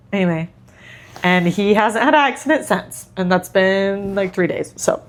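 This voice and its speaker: A woman's voice: medium pitch, normal speed. A mother co-hosting a podcast, telling stories in casual chat with lots of laughter. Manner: animated storyteller who laughs often.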